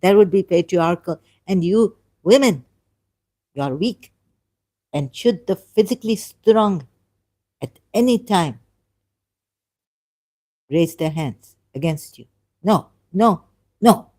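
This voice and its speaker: A woman's voice: lowish voice, expressive, slow, long pauses, mellow. Exasperated woman reading and arguing back. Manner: exasperated, argumentative, stumbling over words. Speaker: religion critic reacting to a video. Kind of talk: casual commentary reading and reacting aloud.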